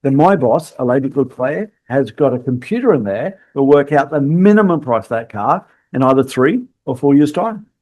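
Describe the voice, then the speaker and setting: A man's voice: medium pitch, animated, moderate pace, hardly any pauses, a little mellow. A man hosting a podcast and coaching salespeople, acting out short customer and salesperson lines as he goes. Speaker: sales trainer and podcast host. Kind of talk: podcast monologue.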